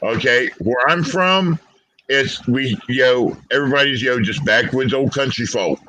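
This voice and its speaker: A man from Florida with a Southern accent, hosting a casual chat and rambling with many fillers; he has no teeth but speaks clearly. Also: mid-range voice, normal speed, sharp tone, no echo, low-quality recording. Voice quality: toothless. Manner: rambling, frequent "you know" fillers. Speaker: host.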